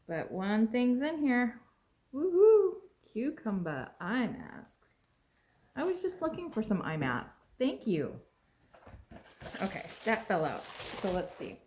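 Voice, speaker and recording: A woman vlogging as she unboxes a package at home, gushing and exclaiming excitedly over each item. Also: medium pitch. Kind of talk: casual unboxing vlog. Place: at home with a pet. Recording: echoey room.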